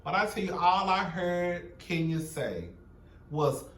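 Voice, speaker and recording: A young man recaps a reality TV episode with sass and bluntness, swearing freely, gossiping and quoting the cast like a show recap commentator. His voice sits high and fairly bright, and he speaks slowly. He's recorded from a distance in an echoey room.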